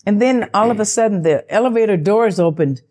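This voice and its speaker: An older woman, an actress, telling a story in a sit-down interview in a chatty, animated way and acting out the dialogue. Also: fairly quick. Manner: animated, acts out quoted dialogue with big pitch jumps; chatty, loose, with fillers and self-interruptions.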